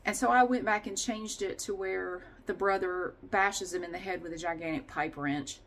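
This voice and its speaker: A woman's voice: medium pitch, steady tone, moderate pace, a bit bright. A woman vlogging at home in a casual, chatty monologue, ranting with sighs and swearing.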